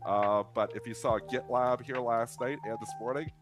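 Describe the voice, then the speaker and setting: A man with a stuffed-up nasal voice from a cold giving brisk live stock market commentary. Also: medium pitch, steady tone, over music. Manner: brisk analytical delivery, addresses viewers as folks.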